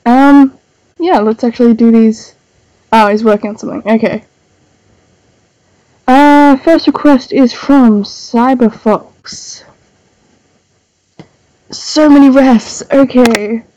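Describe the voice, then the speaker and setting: A woman's voice: fairly high pitch, slow pace, long pauses, dark tone, dry recording, low-quality recording. A young woman with a stuffy, nasal voice from a cold, chatting casually on a livestream while drawing. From Australia. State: sick, nasal voice. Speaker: livestreaming artist. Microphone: desk microphone.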